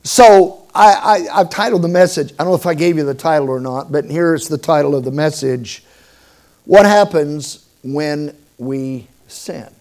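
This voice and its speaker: High-voiced man preaching a sermon. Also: a little slow. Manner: storytelling with humor, emphatic swings in loudness. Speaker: pastor.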